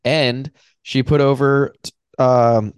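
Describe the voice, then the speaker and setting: A man's voice: mid-range voice, flat delivery, takes it slowly, clean tone, no echo, clean studio sound. A man co-hosting a wrestling podcast, giving rambling, opinionated takes with casual swearing. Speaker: podcast co-host.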